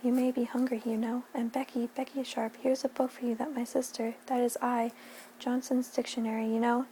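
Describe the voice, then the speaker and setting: A woman softly voicing a kind, fussy older spinster schoolteacher in a whispered role-play, flustered and motherly. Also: a little high, level tone, fairly quick, slight background noise, close to an everyday voice. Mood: flustered kindness.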